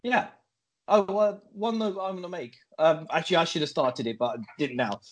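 A man's voice: fairly high pitch, moderate pace. A man co-hosting a comedy podcast in casual, teasing, rambling banter. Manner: teasing, rambling, playfully self-important. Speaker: podcast co-host.

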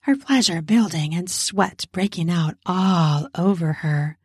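A woman narrating an adult audio story in a slow, intimate reading. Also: fairly low pitch, a little mellow, husky, dry recording, clean studio sound.

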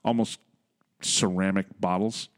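A lower-pitched man co-hosting a casual podcast, spinning travel stories and breaking into laughter often. His delivery is loose and conversational. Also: measured pace, clear, resonant tone, no room sound, clean studio sound. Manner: laughs often, lively anecdotes. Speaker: podcast co-host. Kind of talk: casual storytelling chat.

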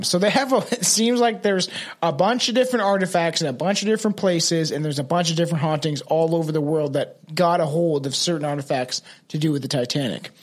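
Rambling man reading a ghost story. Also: fairly high pitch. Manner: rambling, swearing, laughing often. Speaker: podcast co-host.

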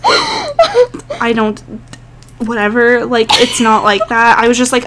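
Young woman, podcast co-host, casual chat, self-deprecating, very lively pitch, faint background noise. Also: takes it slowly, pauses often. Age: young adult. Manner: laughing, self-mocking, animated.

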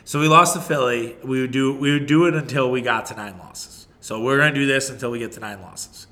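A man's voice: medium pitch, brisk, pushed and bright. A man hosting a casual solo sports podcast, rambling and opinionated, often restarting his sentences and swearing.

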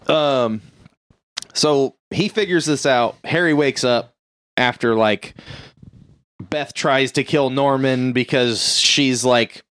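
A man's voice: medium pitch, slow, fairly bright tone, clear, resonant tone, no echo. A man recapping a movie in casual chat, rambling and profane, with lots of "like" and "uh", and acting out the characters' lines.

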